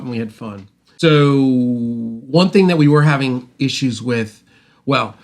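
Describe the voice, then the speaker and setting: Animated man telling a studio story. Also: medium pitch. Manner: animated, rambling, with restarts and acted-out quotes. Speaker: host, mixing engineer. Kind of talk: casual storytelling monologue.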